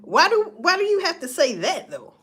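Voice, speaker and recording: A woman's voice: very high-pitched, wildly swooping pitch, moderate pace, fairly bright tone. A woman, musing in a casual, profane monologue full of rhetorical questions. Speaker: vlogger.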